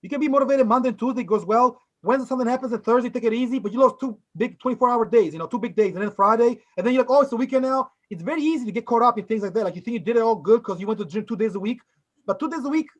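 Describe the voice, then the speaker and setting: A man's voice: extremely high pitch, rapid-fire. A man co-hosting a casual podcast, talking emphatically and rambling, with a lot of "bro.".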